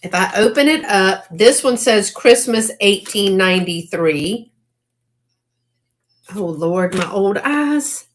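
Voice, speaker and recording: A woman, hosting a casual live sale. She chats and exclaims over old items, and she reads faded handwriting aloud haltingly. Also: mid-range voice. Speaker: online live-sale seller.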